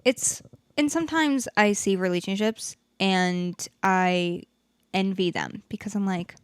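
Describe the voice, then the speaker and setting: A woman's voice: mid-range voice, measured pace, clear, resonant tone, dry recording, clean studio sound. A young woman hosting her own podcast, talking candidly and venting with frequent swearing. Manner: frank and profane, animated venting. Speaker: podcast host. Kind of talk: candid solo podcast chat.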